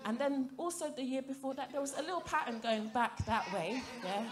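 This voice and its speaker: A woman's voice: sits high, brisk. A woman performing stand-up comedy on a theatre stage, chatty and playful, often asking the crowd questions. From African heritage, grew up in Britain. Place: theatre stage before a live audience.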